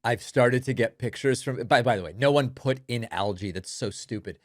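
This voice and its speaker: A man's voice: medium pitch, moderate pace, no room sound, clean studio sound. A man hosting political commentary, talking sardonically over speech clips and mocking the quotes.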